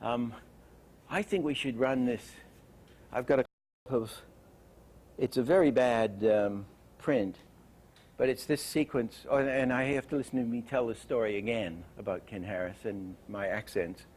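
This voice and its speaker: A man's voice: medium pitch, normal speed, darkish tone, husky. An older man giving a lecture on animation, telling anecdotes and acting out the lines he quotes. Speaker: animation teacher.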